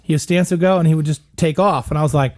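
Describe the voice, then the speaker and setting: Brief: middle-aged man, fairly high voice, loose anecdotal delivery, swears a lot. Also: fairly even intonation, fast, a little mellow. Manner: rambling anecdotal storytelling with swearing. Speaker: podcast guest. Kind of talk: casual chat.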